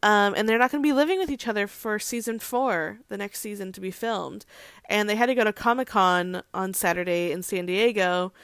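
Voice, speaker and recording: A chatty woman hosts casual celebrity gossip and fills her talk with "like," swearing and laughing asides. Her voice sits at a middle pitch. It sounds dry and close to the mic. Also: a little fast, a bit bright, clear, resonant tone, dry recording. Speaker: host.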